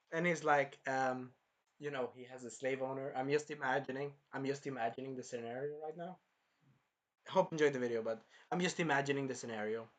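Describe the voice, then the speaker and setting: A man giving a casual anime review in an excitable, rambling way, swearing often. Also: mid-range voice, brisk.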